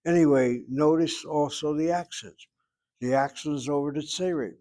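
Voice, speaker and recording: A man's voice: a little high, normal speed, dark tone. A man teaching a Hebrew grammar class, explaining at length with wry asides and calling on students by name. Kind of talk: online class lecture.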